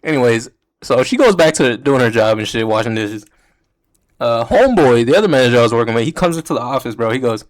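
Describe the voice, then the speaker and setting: A man's voice: mid-range voice, animated, fast. Profane young man telling a storytime. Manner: profane and slangy, peppered with "bro". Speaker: storytime vlogger. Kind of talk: casual storytime monologue.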